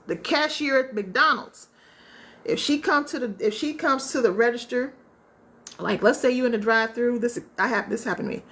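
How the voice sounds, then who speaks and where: A woman's voice: on the high side, fairly bright tone. A woman relationship coach talking casually to a live audience, telling stories and asking rhetorical questions, with features. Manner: conversational, storytelling with acted-out quotes and rhetorical asides. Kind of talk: casual live-stream talk.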